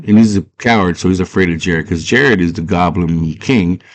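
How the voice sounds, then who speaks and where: A man's voice: low-pitched, moderate pace, lo-fi sound. A man casually retelling a movie plot, rambling and full of filler words. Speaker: storyteller.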